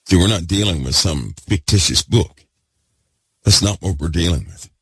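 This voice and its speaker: A man preaching a fervent sermon, repeating himself and swinging between loud bursts and hushed asides. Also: low-pitched, animated, normal speed, husky, no echo.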